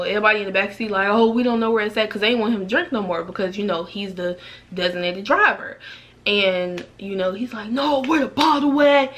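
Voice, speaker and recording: A young woman tells a storytime vlog, acting out the quotes with sharp jumps in pitch. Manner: animated, acts out quotes with rising pitch. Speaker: vlogger. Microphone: camera mic, then phone vlog style.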